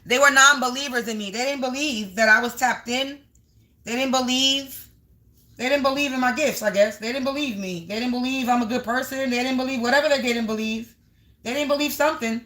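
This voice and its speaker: Bright high-voiced woman livestreaming. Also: a little fast. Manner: emphatic, repetitive, talks straight to viewers. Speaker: spiritual reader livestreaming. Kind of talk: casual livestream card reading. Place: home.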